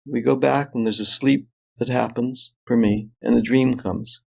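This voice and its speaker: An older man, a guest on an interview show, tells a personal anecdote in an animated way and laughs often as he goes. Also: mid-range voice, unhurried, gravelly. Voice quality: animated, laughs often while telling stories. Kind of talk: anecdotal storytelling.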